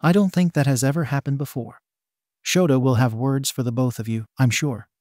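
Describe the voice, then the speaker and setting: A man's voice: mid-range voice, steady tone, brisk, darkish tone, no room sound, studio quality, lightly acted. A man voicing a teasing, seductive adult woman referee with a knowing manner.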